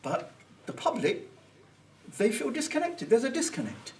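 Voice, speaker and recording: A man giving an informal Islamic Sunday talk, conversational and thinking out loud, with Arabic phrases mixed in. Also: very high voice, huge pitch swings, moderate pace, recorded from a distance, slight background noise. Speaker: Islamic teacher. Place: Islamic centre hall.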